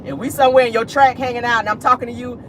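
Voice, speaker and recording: A woman's voice: a little high, steady tone, very fast, a bit bright, a little hiss or hum. A woman talking straight to her viewers in a sassy, petty vlog commentary, calling them "honey" and "y'all". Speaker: YouTube commentary host. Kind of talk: casual commentary vlog from a car. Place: parked car.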